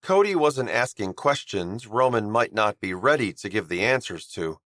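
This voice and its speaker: In a fairly low voice, a man narrates a romance audiobook, keeping his storytelling measured and even. This scripted narration was recorded dry, with clean studio sound.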